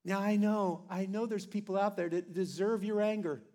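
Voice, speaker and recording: A pastor preaching a sermon to his church with earnest, animated delivery and playful asides. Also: high-pitched, moderate pace. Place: church sanctuary.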